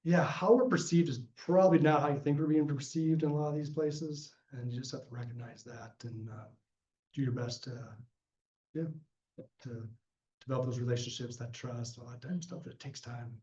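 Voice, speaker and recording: A man's voice: medium pitch, moderate pace. A man giving a guest lecture who tells stories from his work animatedly, acting out the people in them, with frequent restarts. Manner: animated storyteller, acts out quoted voices, frequent restarts. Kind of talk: storytelling during lecture Q&A. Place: lecture room. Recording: roomy, dull lecture-room recording.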